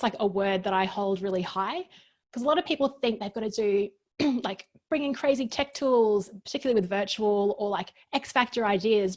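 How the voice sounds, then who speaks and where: A woman who runs workshops, a guest on a chat show, telling stories earnestly in quick bursts. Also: mid-range voice. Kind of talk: casual interview chat.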